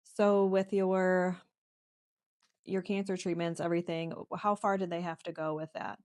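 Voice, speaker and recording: A woman hosting a faith podcast, gentle and affirming, easily moved to emotion. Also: on the low side, flat delivery, a little slow. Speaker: podcast host.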